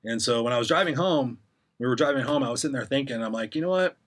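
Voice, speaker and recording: A man's voice: mid-range voice, fast talker, fairly bright tone. A middle-aged man, a podcast guest, candidly telling his story in casual interview talk and acting out the voices he quotes.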